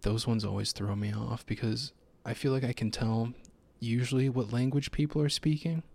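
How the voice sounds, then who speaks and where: A man's voice: medium pitch, steady tone, moderate pace, vocal fry, darkish tone. A young adult man co-hosting a casual podcast, laid-back and hesitant, often trailing off mid-thought. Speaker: podcast co-host. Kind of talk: casual chat.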